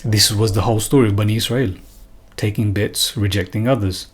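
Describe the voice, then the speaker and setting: A man's voice: on the low side, steady tone, fairly quick, slightly rough. A man giving an unscripted religious talk, earnest and emphatic, often repeating and restarting phrases. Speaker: religious commentator.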